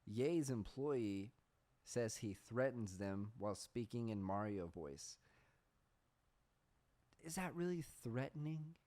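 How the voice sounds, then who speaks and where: A man hosting a podcast, talking in a casual, profane, deadpan sarcastic monologue. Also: medium pitch, takes it slowly, pauses often. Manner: deadpan sarcastic, profane, says "bro" a lot. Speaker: podcast host.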